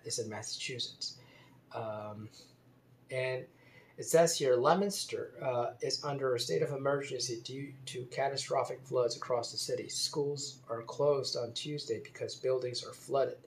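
A man in an unhurried solo monologue, stopping often on ums and uhs. He hedges his facts, spells out names letter by letter and reads a news story aloud. His pitch sits at a middling level for a man. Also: slight background noise.

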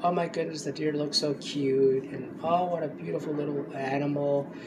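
A man's voice: on the high side, steady tone, normal speed, noisy background, lightly acted. A man mimicking a tender-hearted hunter. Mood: fretful. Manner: fretful, sentimental.

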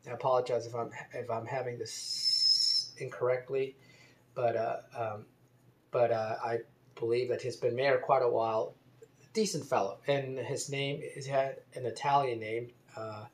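A man in an unhurried solo monologue, stopping often on ums and uhs. He hedges his facts, spells out names letter by letter and reads a news story aloud. His pitch sits at a middling level for a man.

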